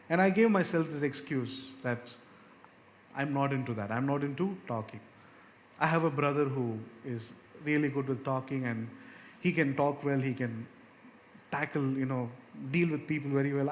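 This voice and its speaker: A male pastor preaching a sermon earnestly, rising and slowing as he quotes scripture. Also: slight background noise. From India. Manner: earnest, rises in pitch and slows down on scripture verses. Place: church hall. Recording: long reverb of a church hall, faint ambience.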